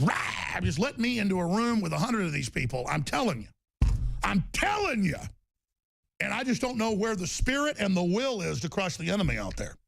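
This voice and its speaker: Man, radio talk host, raised pitch, gravelly rasp, intense rant, stammers, shouts. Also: dry recording.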